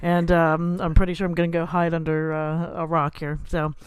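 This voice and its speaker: A woman's voice: deep voice, flat delivery, moderate pace, smooth, no room sound. A woman co-hosting a podcast, laughing and teasing in a scattered, casual way. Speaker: podcast co-host. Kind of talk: casual chat.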